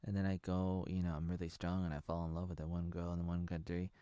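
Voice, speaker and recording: Man, 30s, somewhat low voice, casual rambling commentary, no room echo. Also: level tone, quick pace, warm tone, clean tone, clean studio sound. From Oregon, USA. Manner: rambling and joking, thinking aloud with many ums and likes. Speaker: video creator reviewing a TV episode.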